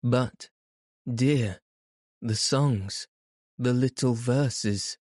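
A man's voice: mid-range voice, drawn-out words, a little mellow, no echo, clean studio sound. A man voicing a desperate young man pleading with a woman to remember him. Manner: pleading, anguished.

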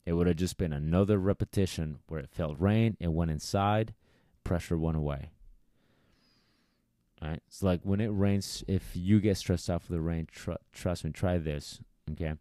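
In this studio-quality clip with no room sound, a dog trainer with a low, mellow voice talks at normal speed. His casual podcast monologue is chatty and coaching, and he performs quoted voices while offering advice to listeners.

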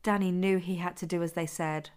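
A woman who is the author, reading her own adult story aloud in a steady, even manner. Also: fairly low pitch, brisk, clean tone. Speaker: author and narrator.

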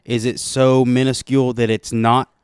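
A man's voice: mid-range voice, level tone, normal speed, clear, resonant tone, no echo, clean studio sound. A man co-hosting a casual chat, arguing his point emphatically and swearing often.

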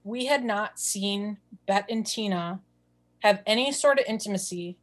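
A woman's voice: medium pitch, unhurried. A woman from southeastern Wisconsin, co-hosting a podcast in chatty, enthusiastic casual talk. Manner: chatty, enthusiastic, repeats words for emphasis. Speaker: podcast co-host. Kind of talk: casual chat.

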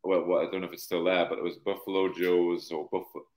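A man co-hosting a podcast, chatting casually with frequent quick reactions and laughs. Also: low voice, level tone, a little mellow, roomy sound. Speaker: podcast co-host. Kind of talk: casual chat.

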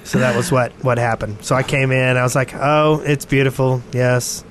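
A man's voice: mid-range voice, little pitch movement, moderate pace, slight background noise. A man co-hosting a casual podcast chat, curious and talkative.

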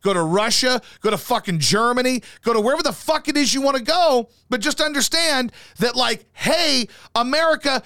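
Here the same host, a man in his thirties, vents his opinions on his casual podcast, swearing heavily. His very high voice is expressive, bright and forceful, moving at a moderate pace with hardly any pauses, and the sound has no echo.

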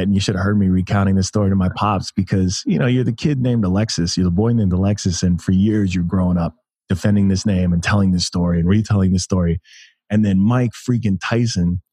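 A man in his thirties from the United States, a podcast guest telling stories in a rambling, animated way and laughing often. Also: sits low, husky, no echo, studio quality. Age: 30s. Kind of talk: casual interview chat.

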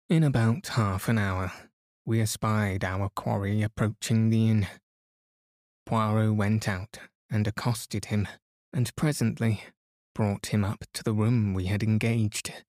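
A man narrating a classic detective story in a calm, steady bedtime reading meant to send listeners to sleep. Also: on the low side, unhurried, dry recording, clean studio sound. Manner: soothing, steady. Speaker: podcast narrator.

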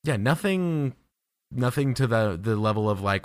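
A man co-hosting a podcast chimes in with short reactions and playful repeats. His pitch moves around a lot, and the sound is dry and close. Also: animated, measured pace, clear, resonant tone. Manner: brief reactions and playful echoes. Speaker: podcast co-host. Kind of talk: casual podcast chat.

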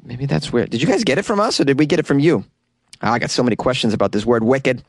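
A young man with a Boston accent talks casually on his solo podcast from a small closet studio, teasing himself and laughing often. His mid-range voice is creaky, with lively intonation and a quick pace. No echo is audible.

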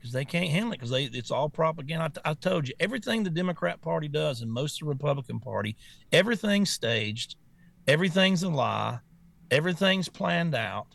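Man, talk show co-host, blunt, rambling, gravelly, slightly high. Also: animated, brisk, a bit bright. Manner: blunt, rambling, repeats words. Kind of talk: casual talk show chat.

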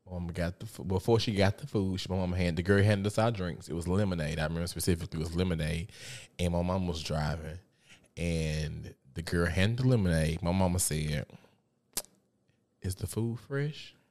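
A man with a fairly low voice hosts a casual podcast and tells a family story. His delivery is animated and profane, and loud laughs break through. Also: fairly quick. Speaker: podcast host.

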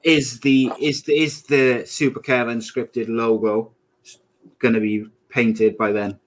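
A man in his late thirties chatting casually as a podcast co-host. He's full of jokey banter and laughs easily, and his voice sits at an ordinary middle pitch. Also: level tone, slow pace. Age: 30s. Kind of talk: casual chat.

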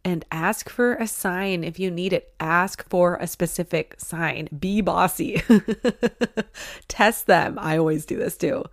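A woman hosting a spiritual podcast, reading listener stories aloud and chatting warmly and emotionally, laughing often. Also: on the low side, slow pace, dry recording, clean studio sound. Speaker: podcast host.

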